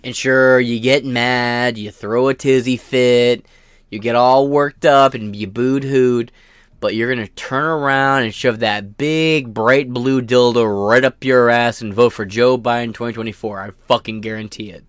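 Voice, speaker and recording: A man's voice: medium pitch, fairly even intonation, unhurried, clear, resonant tone, dry recording, clean studio sound. A man hosting his own podcast, ranting in a profane, sarcastic and combative way. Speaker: podcast host.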